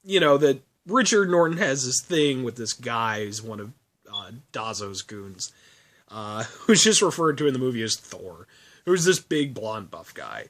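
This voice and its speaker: A man's voice: medium pitch, expressive, unhurried, a bit bright. A man reviewing a film in a casual vlog, rambling, laughing often and swearing.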